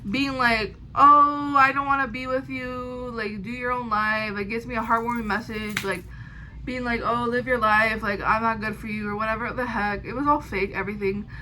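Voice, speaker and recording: A woman's voice: a little high, a little hiss or hum, low-quality recording. A young woman telling a rambling personal story in a casual storytime monologue, quoting the people involved as she goes. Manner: rambling, animated, quotes people in quick asides. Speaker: storyteller vlogger.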